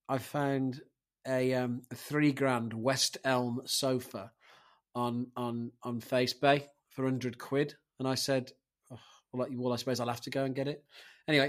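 A man's voice: medium pitch, little pitch movement, normal speed. A man hosting a casual podcast chat, swearing and telling rambling anecdotes. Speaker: podcast host running the segment.

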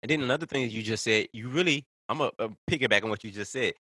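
Fast-talking man on a heated rant. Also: mid-range voice, pushed and bright, slightly rough, no room sound. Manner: heated, profane, fast ranting. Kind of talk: casual podcast rant.

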